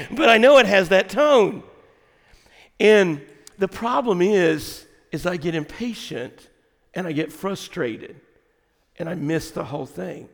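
High-voiced preaching man in a reverberant hall. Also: vocal fry. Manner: storytelling, rambling asides, rising to shouted preaching. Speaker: pastor. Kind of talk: sermon. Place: church sanctuary. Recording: long reverb of a large hall.

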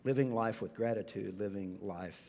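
A male pastor delivering a sermon, animated and expressive, sometimes acting out incredulous reactions. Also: on the low side, normal speed, long reverb tail.

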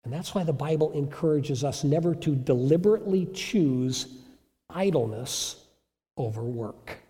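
A man's voice: fairly high pitch, unhurried, warm tone, long reverb tail. A male pastor preaching a sermon in an emphatic storytelling manner with rhetorical questions.

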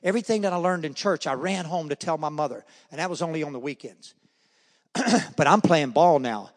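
A man giving a spoken faith testimony, telling his story with animated energy and acting out the voices of the people in it. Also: fairly high pitch, a little fast. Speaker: speaker sharing his testimony. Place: church hall or meeting room. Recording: long hall reverb.

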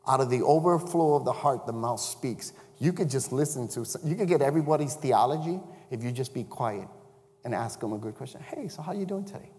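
A man's voice: mid-range voice, fairly quick, darkish tone, long reverb tail. A man who is a chaplain, preaching a sermon in a conversational way and often checking in with the congregation. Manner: conversational, asks the congregation questions. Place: church sanctuary.

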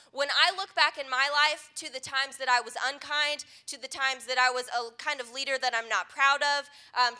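A woman's voice: high-pitched, sharp tone. A young adult woman pastor giving an earnest, conversational sermon.

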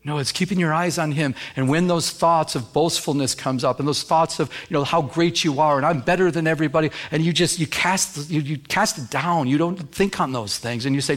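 A man's voice: fairly high pitch, fairly quick, hardly any pauses, a bit bright. A man preaching a sermon as pastor, with many restarts, who acts out the voices he quotes.

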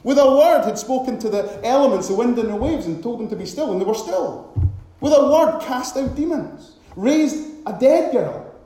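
A man preaching a sermon with dramatic delivery, now and then acting out loud shouted cries. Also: high-pitched, animated, normal speed. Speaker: pastor. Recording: very echoey hall.

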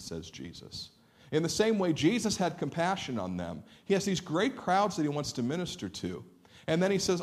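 A man's voice: a little high, very animated, a little fast. A man pastor preaching a sermon, earnest and explanatory, often repeating words as he builds a point.

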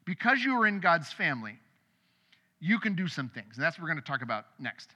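A middle-aged man preaching a sermon as pastor, conversational and animated, with sudden loud bursts. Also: fairly high pitch, brisk, slightly rough. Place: church sanctuary. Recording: long hall reverb.

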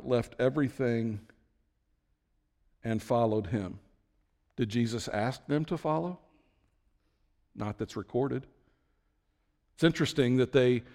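Animated preacher in a reverberant hall. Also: male voice. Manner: storytelling, swings from low and quiet to high and excited. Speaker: pastor. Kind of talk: sermon.

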